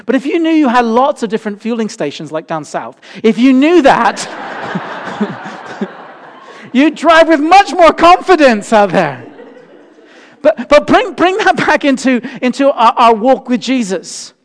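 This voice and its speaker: A man preaching a sermon, telling a family story with lively acted-out voices. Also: very high voice, unhurried, in a large hall. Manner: animated storytelling, acting out voices. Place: church.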